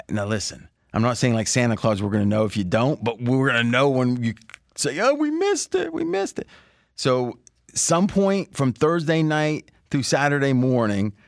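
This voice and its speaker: A man's voice: medium pitch, fairly bright tone, no room sound. A man hosting a sports betting podcast in a loose, joking way, with a close studio mic. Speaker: podcast host.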